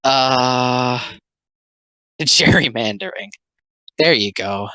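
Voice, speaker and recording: A young adult video commentator speaking in casual, rambling comic commentary, full of "like" fillers and sarcastic asides, sometimes dropping into quick mocking character voices. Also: mid-range voice, sharp tone, no echo, rough recording.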